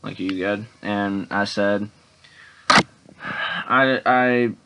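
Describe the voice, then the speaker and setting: A young vlogger with a fairly low, steady voice rambles through a casual storytime, drawing out his words. He repeats himself, restarts often, and keeps quoting himself with "and I'm like," all over a very noisy recording.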